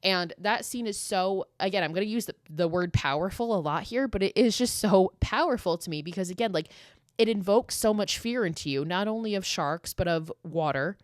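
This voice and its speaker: A woman in her late twenties from the US East Coast hosting a solo podcast, telling stories in an emphatic, profane, animated way. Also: medium pitch, normal speed, dry recording, clean studio sound. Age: late 20s. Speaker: podcast host. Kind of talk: casual solo podcast monologue.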